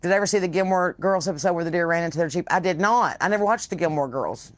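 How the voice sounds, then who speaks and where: A woman's voice: on the low side, very fast, no echo. Salty woman, porch chat. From Southern US. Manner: animated, salty storytelling with swearing. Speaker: podcast host. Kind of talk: casual live chat with viewers. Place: outdoors on a porch.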